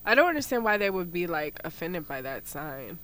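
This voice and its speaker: A woman co-hosting a casual news chat, giving quick, opinionated reactions. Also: lowish voice, sing-song, a bit bright. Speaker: co-host.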